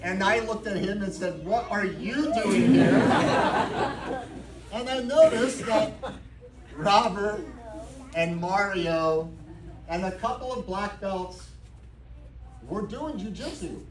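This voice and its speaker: A slow, high-voiced man who pauses often tells a story with comic timing in his acceptance speech at a jiu-jitsu academy, where he's being promoted to black belt. The humor gives way to sincerity. The mic is far off in an echoey room with a noisy crowd.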